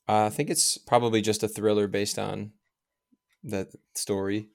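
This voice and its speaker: A man guesting on a podcast in casual chat, relaxed and dry, mostly giving short answers. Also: lowish voice, unhurried, creaky.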